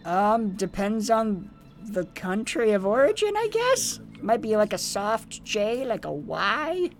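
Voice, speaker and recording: A stream co-host speaking slowly, with a pitch that swings widely. The replies are mostly short reactions to the other host. Faint game music plays underneath. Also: big pitch swings. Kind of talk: casual live-stream chat.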